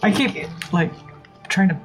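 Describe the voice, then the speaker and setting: A woman playing a tabletop game in a playful, jokey manner. Her pitch moves freely and sits at an ordinary middle level. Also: lively intonation, a little slow, soft background music. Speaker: player. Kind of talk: casual tabletop play.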